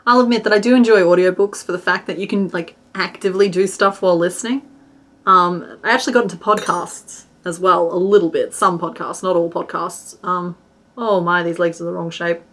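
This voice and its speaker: Chatty woman with a lowish voice. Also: fairly even intonation, brisk, fairly bright tone. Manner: chatty and rambling, with restarts and stitch counting half under her breath. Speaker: crochet streamer and pattern designer. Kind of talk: casual chat while crocheting live.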